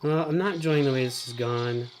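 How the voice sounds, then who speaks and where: With a slight hiss or hum in the background, a middle-aged man at medium pitch hosts a game stream at a fairly quick clip. Excited shouts punctuate his constant commentary, and he often speaks of himself by name in the third person.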